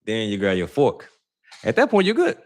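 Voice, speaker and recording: A young man from Saint Louis hosts a casual livestream, rambling with viewers in loose slang and saying "you know what I'm saying" a lot. His voice is fairly low and a little mellow, with wildly swooping pitch at a normal speed.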